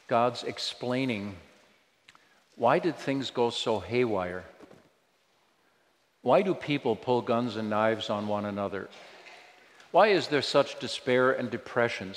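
A man delivers a sermon with earnest conviction, asking his listeners questions. His voice rings out with a long reverb, as if he is in a large hall. He sits at a middle pitch for a man. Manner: earnest preaching with rhetorical questions. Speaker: pastor.

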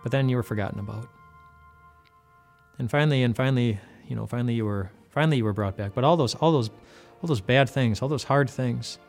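A man's voice: medium pitch, vocal fry, darkish tone. A man giving an earnest devotional retelling of a Bible story, often repeating words as he goes.

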